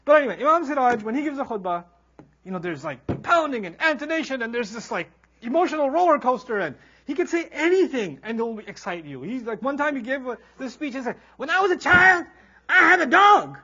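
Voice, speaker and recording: A man giving a humorous Quran lecture as a teacher, animated and acting out characters as he tells stories. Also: very high voice, quick pace, lo-fi sound. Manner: animated storyteller, acts out quoted characters. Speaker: Islamic teacher.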